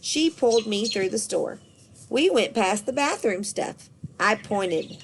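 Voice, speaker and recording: A woman reading a children's storybook aloud, lively and expressive. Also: mid-range voice, a little slow, slight background noise.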